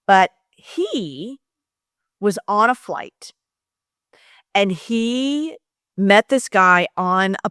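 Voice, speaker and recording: A woman's voice: medium pitch, no echo. Middle-aged woman guest, emotional confessional storyteller, dry close sound. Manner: emotional, animated, talks to listeners directly. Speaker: podcast guest. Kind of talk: candid personal storytelling.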